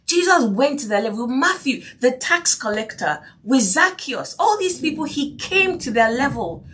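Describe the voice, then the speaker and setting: A woman's voice: high-pitched, sing-song, normal speed, a bit bright. A woman hosting a faith-based parenting podcast, earnest and repetitive, often asking if you see what she means. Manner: earnest, repeats key phrases, asks "do you see what I mean?". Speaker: podcast host.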